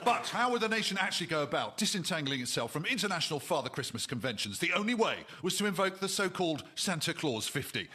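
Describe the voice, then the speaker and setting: Brisk wry male comedy host. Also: a little high, very animated, pushed and bright. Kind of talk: scripted comic narration. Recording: live audience, noisy radio recording.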